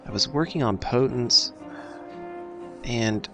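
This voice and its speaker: Slow, rambling man narrating gameplay. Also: mid-range voice, over music. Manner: rambling, self-deprecating, thinking aloud. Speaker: let's play host. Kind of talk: casual gameplay commentary.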